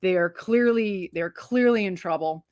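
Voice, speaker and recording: A woman co-hosting a casual movie review, talking in an animated, emphatic and profane way, acting out scenes as she retells them. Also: medium pitch, moderate pace, no room sound, clean studio sound. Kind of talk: casual spoiler-filled movie review chat.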